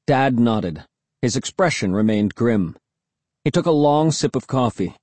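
A man narrating a first-person storybook in an expressive, tense storytelling manner. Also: mid-range voice, unhurried, no room sound. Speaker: audiobook narrator.

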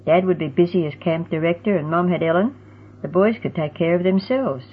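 A woman narrating a storybook in a steady, even reading voice. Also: fairly low pitch, brisk, husky. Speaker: audiobook narrator. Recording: tinny phone-like sound.

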